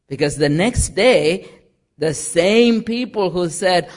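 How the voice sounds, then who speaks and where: A man delivers a sermon at an unhurried, measured pace. His voice sits a little high for a man, and he pauses on "uh" as he reads scripture and comments on it. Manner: slow, deliberate preaching with chanted quotes and fillers. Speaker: preacher.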